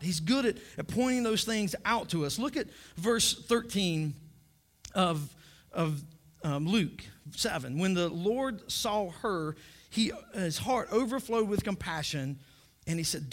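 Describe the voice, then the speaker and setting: High-voiced joking pastor. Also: male voice, expressive, measured pace, a bit bright. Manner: joking, repeats words when starting sentences. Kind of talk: humorous sermon.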